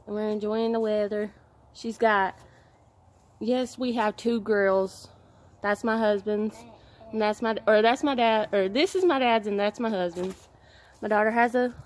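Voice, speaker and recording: A woman's voice: medium pitch, a little hiss or hum. A young woman chatting casually to her phone camera from her backyard, folksy, now and then turning to talk to her little daughter. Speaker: vlogger, mother. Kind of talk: casual vlog chat. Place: outdoors in a backyard.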